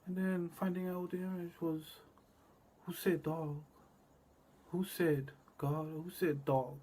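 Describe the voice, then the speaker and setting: A man delivering a rambling, cryptic monologue, repeating words and drifting between low murmurs and loud bursts. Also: fairly even intonation, slow pace.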